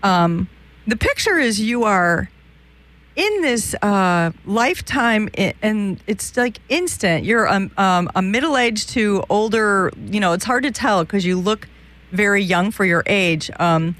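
A woman's voice: medium pitch, lively intonation, measured pace, a bit bright. A woman hosting a live call-in radio show, giving psychic readings in a chatty, meandering way with many restarts.

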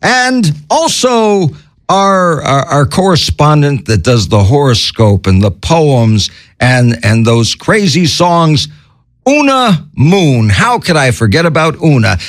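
A man hosting a radio show in a manic, zany way, stammering, shouting and giggling between his lines. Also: a little high, very animated, slow pace.

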